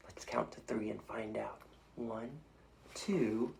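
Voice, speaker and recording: A man's voice: fairly low pitch, little pitch movement, slow pace, vocal fry, slight background noise. A man reading a picture book aloud to children, playfully inviting them to make animal sounds along with him. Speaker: storytime reader.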